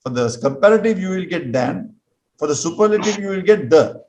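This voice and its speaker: A man's voice: high voice, lively intonation, brisk, darkish tone, highs cut off, a little hiss or hum. Patient male English teacher drilling words. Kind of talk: classroom grammar lesson.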